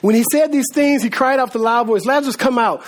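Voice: medium pitch, quick pace. A preacher delivering a sermon in casual, slangy talk, repeating words and laughing as asides.

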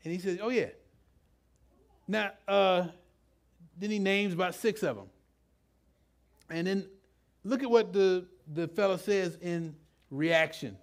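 A man's voice: high voice, measured pace, creaky, pauses often. A man preaching a sermon in a loose, conversational way, often asking the congregation questions. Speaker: pastor. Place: church with a live congregation.

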